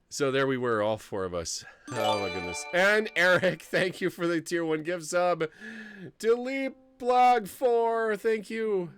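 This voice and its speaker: A man streaming a game live, shouting excited thanks and then turning tearful and emotional. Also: fairly high pitch, measured pace, over music. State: close to tears. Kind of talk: live-streamed gameplay commentary.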